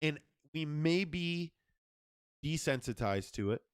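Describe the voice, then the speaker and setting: A man's voice: on the high side, expressive, takes it slowly, smooth, dry recording, clean studio sound. A man co-hosting a casual podcast chat, loose and profane, steering the talk with a slightly tired throat. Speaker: podcast co-host.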